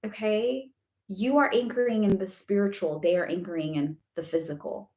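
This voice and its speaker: A woman's voice: medium pitch, moderate pace, darkish tone, roomy sound. A woman spiritual coach answering questions on a live stream, chatty and emphatic, often checking in with "okay?" and speaking bluntly. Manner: candid and blunt, with casual swearing.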